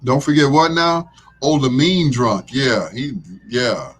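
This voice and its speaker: A man's voice: medium pitch, unhurried, a bit bright. A middle-aged man hosting a talk show, rambling in a laid-back way and chuckling often as he chats. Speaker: radio show host. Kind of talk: casual talk show chat.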